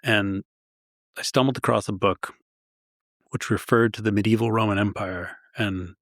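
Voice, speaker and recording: Lowish male historian telling stories. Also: steady tone, moderate pace, fairly bright tone, no echo, studio quality. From Long Island, US. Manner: self-deprecating, enthusiastic storyteller. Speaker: historian guest. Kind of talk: conversational storytelling.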